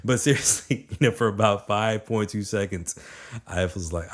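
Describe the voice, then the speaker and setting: A man in his thirties giving an energetic, conversational motivational talk, often checking in with his listeners. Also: deep voice, fairly quick. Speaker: motivational speaker.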